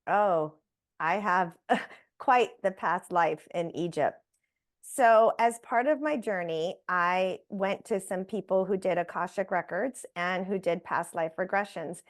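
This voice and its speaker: Animated woman telling a personal story. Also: on the low side, slow pace. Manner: animated, acts out quoted voices. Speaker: interview guest.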